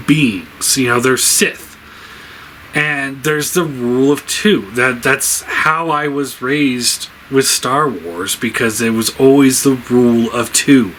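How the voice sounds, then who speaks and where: A man's voice: medium pitch, fairly bright tone, a little hiss or hum, low-quality recording. A man giving a casual spoken review, rambling with many fillers, laughing often, sounding exasperated.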